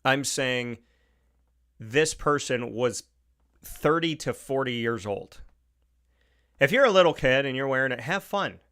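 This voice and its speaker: A man's voice: mid-range voice, expressive, a little slow, long pauses, a bit bright. Emphatic male talk show host. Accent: Upstate New York. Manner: emphatic, repeats points, acts out quotes. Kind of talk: opinionated monologue.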